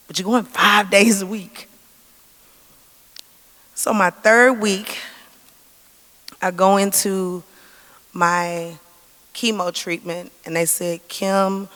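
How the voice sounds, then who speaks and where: A woman in her 40s, a cancer survivor, gives an earnest testimony in a church sanctuary, acting out the dialogue she quotes. Her medium-pitched, slightly bright voice stays steady and slow, with frequent pauses. The church hall adds a long reverb.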